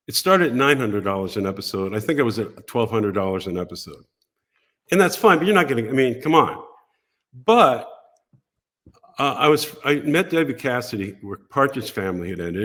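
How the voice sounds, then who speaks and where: An older man, a podcast guest, telling animated stories from his career and briefly acting out other people's voices. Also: mid-range voice. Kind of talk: casual storytelling interview.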